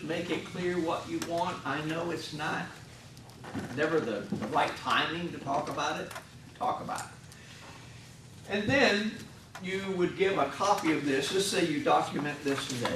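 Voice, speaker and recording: A man's voice: on the high side, noisy background. Folksy man teaching in an echoey classroom. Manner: folksy, acts out patients and family in little scenes. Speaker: hospital chaplain instructor. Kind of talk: classroom lecture. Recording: echoey room, mic at a distance.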